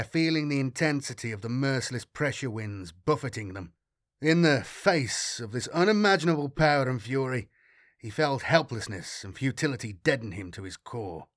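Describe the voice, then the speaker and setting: A man narrates a science fiction audiobook in a measured, dramatic way. His voice sits in an average pitch and is recorded dry and close, with no room sound. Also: a bit bright, no echo.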